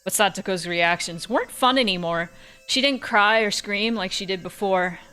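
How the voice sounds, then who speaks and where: A woman reading a first-person visual novel narration aloud in a steady, matter-of-fact way. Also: medium pitch, normal speed, clean tone.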